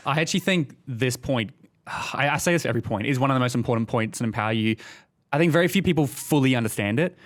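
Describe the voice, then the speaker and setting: Fast-talking sarcastic man. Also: mid-range voice, animated. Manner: sarcastic, chatty, self-interrupting. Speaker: podcast co-host. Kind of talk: casual podcast discussion.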